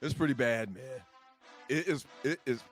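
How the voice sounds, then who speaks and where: A man's voice: mid-range voice, normal speed, fairly bright tone, faint music behind. A man co-hosting a sports talk show, laying out a story and breaking into incredulous outbursts.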